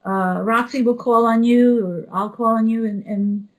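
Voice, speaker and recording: Brief: female webinar host, lively storyteller, a bit high-pitched. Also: measured pace, poor audio. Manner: animated storyteller, quotes others. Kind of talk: storytelling introduction.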